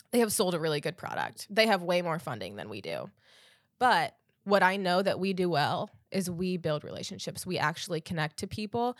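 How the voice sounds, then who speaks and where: A woman guest telling stories in an earnest, animated way, with many "like"s. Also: fairly low pitch, no room sound, clean studio sound. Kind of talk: conversational interview.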